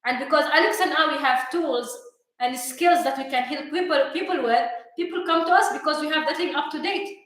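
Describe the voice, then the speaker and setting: This co-host and coach runs a live motivational talk in English with an Arabic accent, her voice high-pitched, fairly quick and fairly bright. She is emphatic, hammering points home by repeating questions for stress. The room is very echoey.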